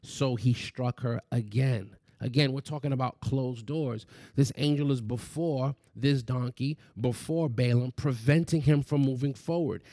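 A man's voice: mid-range voice, mellow, dry recording, clean studio sound. A man preaching a sermon, reading scripture and asking the listeners rhetorical questions. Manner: asks rapid rhetorical questions.

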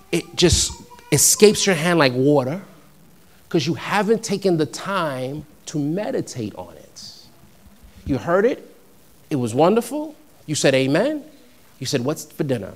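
A young adult man from New York preaching a sermon, shifting between conversational storytelling and loud, emphatic peaks. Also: fairly high pitch. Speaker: pastor.

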